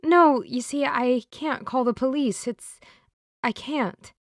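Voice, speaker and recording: A woman's voice: sits high, takes it slowly, no room sound, clean studio sound, voice pushed up. A woman voicing a worried, pleading young woman in an audiobook. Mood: anxious. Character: anxious young woman, witch's daughter.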